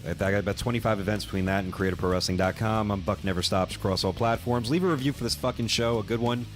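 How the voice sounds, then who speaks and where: A man's voice: fairly low pitch, fast talker, soft background music. A man co-hosting a casual podcast, joking and swearing in banter. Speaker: podcast co-host.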